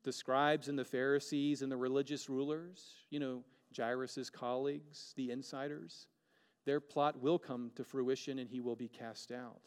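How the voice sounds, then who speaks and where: A man's voice: medium pitch, fairly even intonation, normal speed, clear, resonant tone, in a large hall. A man preaching a sermon as a pastor, earnest, with rhetorical questions and dramatic shifts of pace.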